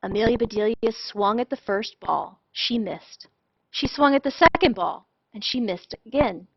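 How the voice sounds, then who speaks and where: A woman reading a children's storybook aloud in an expressive, animated way. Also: fairly high pitch, moderate pace, slightly rough. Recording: dull lo-fi dry sound.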